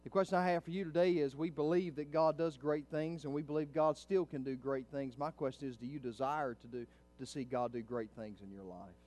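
A middle-aged male pastor preaches in a church in a steady, brisk voice with hardly any pauses. He moves from hushed, low passages up to loud, fervent climaxes.

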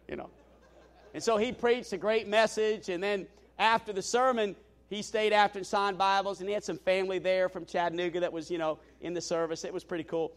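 A male pastor telling a story in a sermon, animated and self-deprecating, with frequent restarts and "you know". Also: high-pitched, brisk.

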